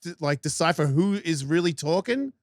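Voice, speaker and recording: A man in his fifties with a fairly high voice, swearing freely as he rambles through a personal story on a podcast. The recording is dry and close, with no room sound at all. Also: animated, moderate pace, no room sound. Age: 50s. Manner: blunt, profane, rambling storyteller. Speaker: podcast guest. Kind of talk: casual storytelling chat.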